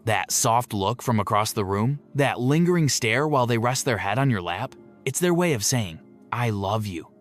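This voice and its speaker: A man giving a scripted narration in a slow, emotive delivery with dramatic pauses. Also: mid-range voice, expressive. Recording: soft music beneath the voice.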